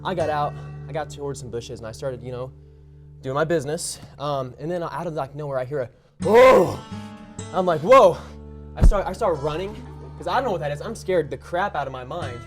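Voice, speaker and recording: A young man telling a comic story as a game-show panelist, excitable and self-mocking. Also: a little high, quick pace, faint music behind. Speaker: panelist telling a tall tale. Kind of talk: comedic storytelling.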